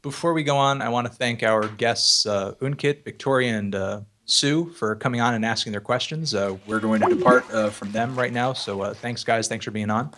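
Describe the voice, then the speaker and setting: A man's voice: medium pitch, moderate pace, hardly any pauses, a bit bright, slight background noise. A man hosting an interview over a video call, asking questions casually with some hesitation. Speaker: host.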